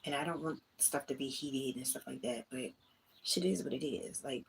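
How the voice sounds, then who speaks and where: A woman's voice: extremely low pitch, normal speed, creaky, a little hiss or hum. A woman hosting her own livestream, speaking, candidly venting and talking straight to her chat from a small room at home. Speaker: livestream host.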